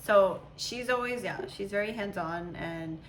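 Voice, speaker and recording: Chatty young mom telling stories. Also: female voice, medium pitch, measured pace, noisy background. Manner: chatty, animated storytelling with imitations. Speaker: mother, channel host. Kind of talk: casual chat.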